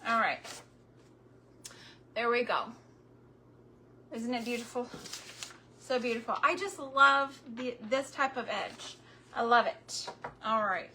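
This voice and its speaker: A woman's voice: fairly high pitch, unhurried, pauses often, bright, forceful tone, a little hiss or hum. A woman chatting casually with her viewers while crafting, tender and a little sentimental, often speaking straight to them. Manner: talks directly to viewers.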